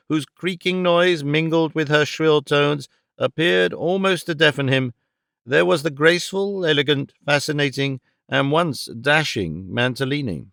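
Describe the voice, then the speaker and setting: Smooth, expressive male audiobook narrator. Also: a little high, no echo, clean studio sound. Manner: measured, expressive reading. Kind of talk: scripted narration.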